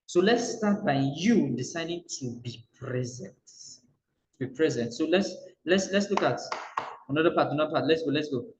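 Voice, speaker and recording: A man's voice: a little high, expressive, normal speed. Emphatic Nigerian man coaching, roomy echo. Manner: emphatic, repeats key lines, exhorts listeners directly. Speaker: business coach. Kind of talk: motivational coaching session. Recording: roomy echo, dull lo-fi sound.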